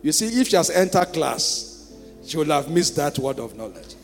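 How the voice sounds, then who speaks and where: A man with a Nigerian accent preaches a sermon, his fairly high voice pulling the congregation in with rhetorical questions. He drops to a hush for stories, then rises to shouting. Long reverb from a large hall and soft music sit behind him. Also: sing-song, moderate pace. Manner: swings between hushed storytelling and loud shouting. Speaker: pastor.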